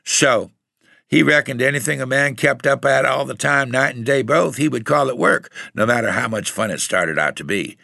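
A man voicing an easygoing young man with a relaxed, joking drawl. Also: medium pitch, moderate pace, gravelly, no echo, clean studio sound, voice pushed up. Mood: amused.

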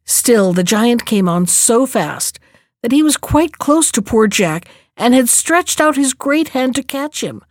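A woman narrating a fairy tale in a clear, measured storybook reading. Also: fairly high pitch, expressive, dry recording, clean studio sound.

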